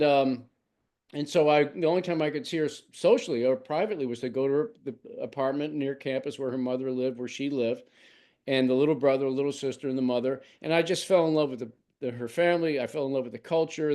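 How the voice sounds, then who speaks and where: A man's voice: medium pitch, fairly even intonation, a little fast, dark tone. A man in his sixties, a novelist, telling a long story in an interview with many restarts and asides. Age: 60s.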